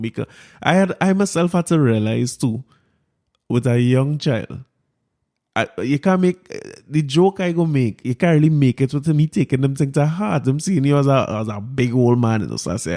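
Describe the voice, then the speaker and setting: Male podcast host, mellow voice, laughs his way through casual stories. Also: medium pitch, brisk. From Trinidad and Tobago. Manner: animated, laughs often while telling a story. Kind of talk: casual storytelling monologue.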